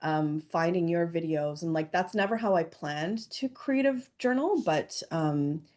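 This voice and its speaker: Mellow-voiced chatty woman guest. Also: on the low side, animated, a little slow. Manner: chatty, lots of fillers and "like". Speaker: podcast guest. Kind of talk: casual chat.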